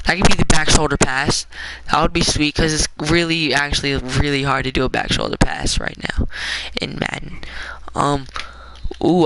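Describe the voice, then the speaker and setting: A young man with a raspy, smoker-like voice, giving rambling, offhand commentary while streaming a game. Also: on the high side, very noisy. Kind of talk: casual gameplay commentary.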